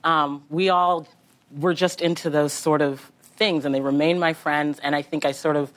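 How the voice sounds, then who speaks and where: A woman talk show guest chatting casually, telling a long rambling story with animated asides and laughs. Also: deep voice, normal speed. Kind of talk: casual chat.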